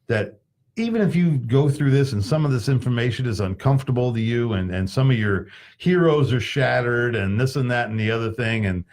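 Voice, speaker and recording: A man's voice: medium pitch, a little mellow. A man in his late fifties hosting a casual talk show, rambling and folksy, with many fillers. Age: 50s. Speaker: podcast host. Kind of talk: casual chat.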